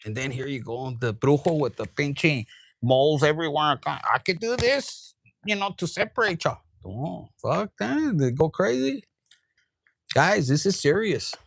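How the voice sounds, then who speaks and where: A man giving a tarot reading, his voice sitting a little high and full of gravelly fry. He swears freely and switches between English and Spanish. The sound is dry and close. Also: normal speed, no room sound. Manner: profane, animated, switches into Spanish. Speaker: tarot reader.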